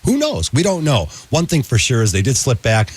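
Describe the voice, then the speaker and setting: A man's voice: mid-range voice, wildly swooping pitch, moderate pace, husky. A man hosting a call-in mortgage radio show, giving easygoing, upbeat updates.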